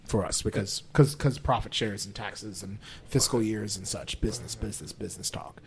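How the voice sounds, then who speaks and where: A man's voice: fairly low pitch, normal speed, few pauses, slight background noise. A man on a movie podcast panel, joking with wry, sarcastic asides. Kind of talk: casual film podcast chat.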